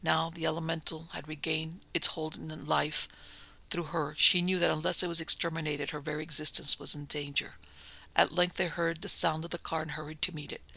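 Male audiobook narrator, steady; slightly high, dry sound. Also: fairly quick, vocal fry, dry recording, poor audio. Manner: steady, plain reading.

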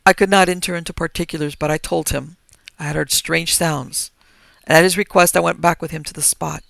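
A man reading a story aloud in a steady, measured way. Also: fairly high pitch, vocal fry, no echo. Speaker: narrator.

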